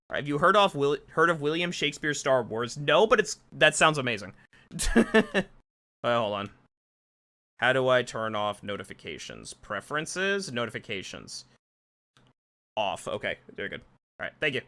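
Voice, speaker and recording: A man's voice: a little high, pushed and bright. A man streaming a video game, chatting casually and rambling with restarts. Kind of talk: casual live-stream chat.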